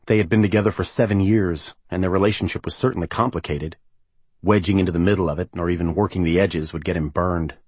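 A man narrating a novel as an audiobook reader, in a measured, even storytelling manner. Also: low-pitched, slightly rough, dry recording. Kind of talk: scripted narration.

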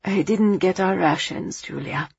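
A woman voicing a desperate, relieved father in a storybook reading, soft-spoken and tearful. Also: fairly low pitch, a little slow, vocal fry, slightly rough, no echo, lo-fi sound, full character voice. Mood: sad.

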